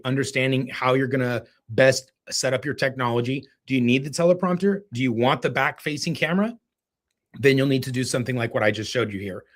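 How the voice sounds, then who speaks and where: A man coaching viewers in a casual live-streamed tutorial, talking them through his video setup and calling them guys. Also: medium pitch. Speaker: real estate video coach.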